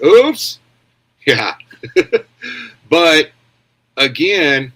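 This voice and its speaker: A man's voice: mid-range voice, a bit bright. A man hosting a casual news commentary stream, rambling bluntly and answering viewer comments as he goes. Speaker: commentary show host.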